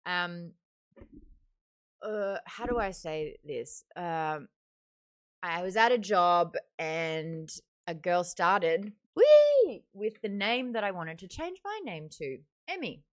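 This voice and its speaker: Hosting a book club over live stream, an Australian woman chats casually and reads viewers' comments aloud. She speaks slowly, her voice on the low side with a fairly bright tone and lively intonation. Her microphone is a desk mic beside a webcam.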